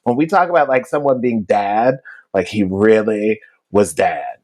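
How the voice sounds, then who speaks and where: Chatty male podcast co-host, animated storyteller. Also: on the low side, unhurried. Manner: animated, chatty, many likes and asides. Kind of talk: storytelling in casual chat.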